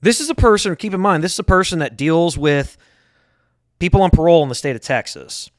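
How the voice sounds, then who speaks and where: A man's voice: a little high, expressive, brisk, dry recording, studio quality. A man in his thirties hosting his own show, venting in a heated, profane monologue and often repeating himself. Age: 30s. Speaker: show host. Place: lives in Harris County, Texas.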